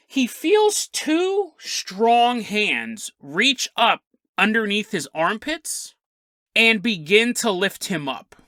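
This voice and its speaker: Male podcast host, animated joking storyteller; bright, forward tone. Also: high voice, no room sound, studio quality. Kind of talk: casual storytelling narration.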